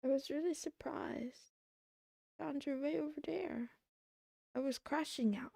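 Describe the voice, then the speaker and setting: A woman livestreamer chatting casually to her audience, rambling and excitable, tossing in meows between remarks. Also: high voice, unhurried, vocal fry, dry recording, clean studio sound. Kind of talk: casual chat to a live audience.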